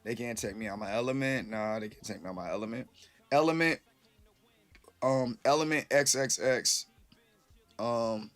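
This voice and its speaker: A man's voice: medium pitch, moderate pace, long pauses, a bit bright, faint music behind. Loose, rambling man chatting to a stream. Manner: loose, rambling, swears freely. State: a little tipsy. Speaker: live streamer. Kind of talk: casual live-stream chat.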